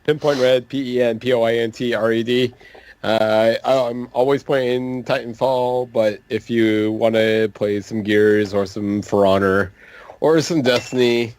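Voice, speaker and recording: Man, podcast guest, mid-pitched voice, halting casual slang, rambling. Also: fairly even intonation, darkish tone, no room sound. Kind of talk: casual gaming podcast chat.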